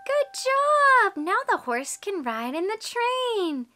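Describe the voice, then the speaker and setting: A woman teaching toddlers in a slow, exaggerated sing-song voice, full of gasps, repeated words and encouragement. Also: very high voice, very animated, bright, forceful tone. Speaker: children's teacher and host.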